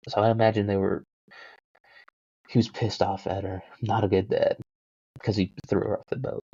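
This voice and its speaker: A man's voice: on the low side, level tone, normal speed, long pauses, dark tone, husky, no room sound. Rambling, joking man on a lo-fi mic. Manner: joking, self-deprecating, full of fillers. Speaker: podcast host. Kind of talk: rambling casual storytelling. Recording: dull lo-fi home mic.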